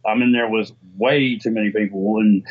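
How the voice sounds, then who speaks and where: A man's voice: lowish voice, fairly even intonation, moderate pace. A man, talking in a rambling, emotional way as an interview guest. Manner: rambling, emotional, many restarts. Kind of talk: casual interview conversation. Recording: slightly dull lo-fi audio.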